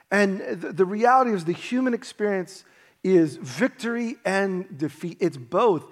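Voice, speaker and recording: A male pastor delivers a sermon with a fairly high voice that leaps all over its range. He tells stories with lively energy and acts out the people he quotes. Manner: animated storytelling, acting out quotes.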